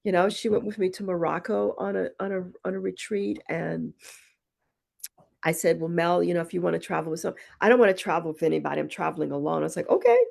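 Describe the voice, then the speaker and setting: A woman's voice: on the low side, fairly even intonation, fast talker, creaky, a little mellow. A woman guest on a podcast, reflective and thoughtful, telling personal stories and acting out the quoted dialogue in them. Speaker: podcast guest, poet and retreat founder. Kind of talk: reflective conversational storytelling.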